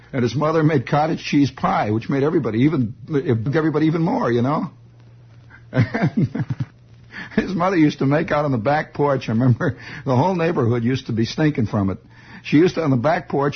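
A man spins a rambling comic story, digressing and teasing his listener. His voice is raspy and husky, with a lively, swinging pitch. The recording is dull and lo-fi.

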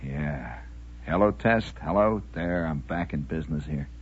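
A man's voice: a bass voice, lively intonation, a little slow, husky, dull audio. A man from the Midwest telling a rambling, folksy radio monologue with mock-grand asides. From American Midwest, Indiana.

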